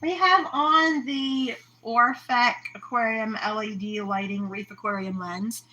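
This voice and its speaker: A woman's voice: fairly high pitch, fairly even intonation, unhurried, bright, forceful tone, dull audio, a little hiss or hum. A woman co-hosting a casual livestream about aquariums, chatty and trailing off mid-sentence. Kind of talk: casual chat.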